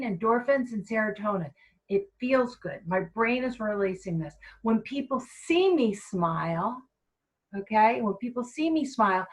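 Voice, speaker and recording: A woman giving an energetic, emphatic, conversational mindfulness talk to a group of staff. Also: a little high, poor audio. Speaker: mindfulness trainer.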